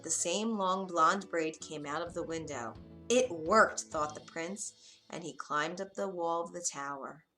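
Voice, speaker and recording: Bright-voiced woman telling a bedtime story. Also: on the low side. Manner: gentle, slow storytelling. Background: faint soft music.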